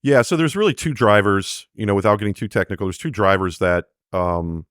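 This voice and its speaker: A man's voice: fairly low pitch, a little fast, a bit bright, smooth, no room sound, clean studio sound. A man, an AI developer guest, explaining technology in a casual interview, acting out little quoted exchanges between fillers.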